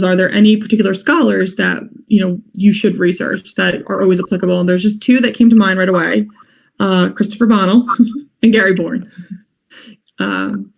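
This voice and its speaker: A woman's voice: medium pitch, vocal fry. A young woman giving practical advice on moot court arguments in an informal, earnest way, with fillers and restarts. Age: young adult.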